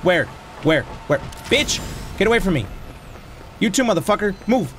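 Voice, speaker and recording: An excitable young man narrating his own gameplay in a high, animated voice. He jumps between mumbling to himself and yelling, with frequent swearing and laughter. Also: normal speed, faint music behind. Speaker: gaming YouTuber. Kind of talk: let's play commentary.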